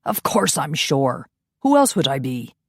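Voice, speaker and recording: A woman reading an audiobook voices a grumpy vampire guard in a gruff, clipped manner. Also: low-pitched, big pitch swings, unhurried, no echo, studio quality, heavily acted. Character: gruff young-looking Scottish vampire guard, old and grumpy.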